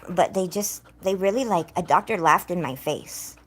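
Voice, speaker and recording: A woman's voice: lowish voice, normal speed, breathy edge. A young woman vlogger telling a distressing personal story to her viewers in a rambling, upset way, close to tears. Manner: distressed, rambling, breaks off to scold her dog.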